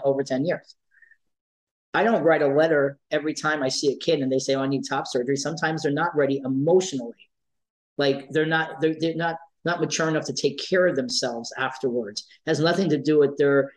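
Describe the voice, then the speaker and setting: A man's voice: on the high side, low-quality recording. A man, a life coach, telling stories in an interview, emphatic and repeating key phrases for weight. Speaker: life coach for trans and non-binary youth. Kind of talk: conversational interview storytelling.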